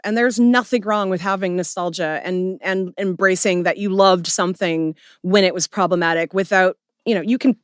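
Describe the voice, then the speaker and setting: A woman co-hosting a podcast in casual chat, blunt and quick to swear. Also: mid-range voice, no echo, clean studio sound. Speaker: podcast co-host.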